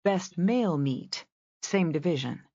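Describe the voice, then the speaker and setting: A woman's voice: lowish voice, expressive, unhurried, mellow, no echo, dull audio. A woman reading a confident young ranch woman with a wry, teasing manner.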